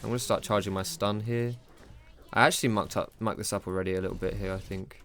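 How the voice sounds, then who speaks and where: A man's voice: on the low side, steady tone, quick pace, fairly bright tone. A young man commentating his own gameplay live, self-critical and rambling, with casual slang and swearing. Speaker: gaming streamer.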